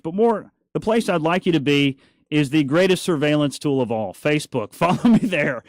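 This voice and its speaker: A man's voice: fairly high pitch, lively intonation, fairly quick, no echo, studio quality. Chatty, opinionated male radio host. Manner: chatty, opinionated, jokey asides. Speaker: radio talk show host. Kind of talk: casual talk radio monologue. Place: radio studio.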